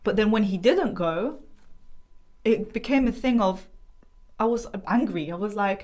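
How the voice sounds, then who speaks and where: A young woman giving an emotional, halting testimony as a podcast guest, often restarting and breaking into nervous laughs. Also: a little high, lively intonation. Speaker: guest sharing her family's story.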